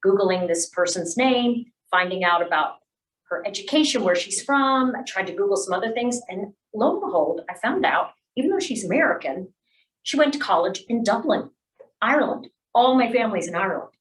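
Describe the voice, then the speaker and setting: A woman on a webinar panel, telling a work anecdote in a lively way. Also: mid-range voice, brisk, far from the mic, low-quality recording.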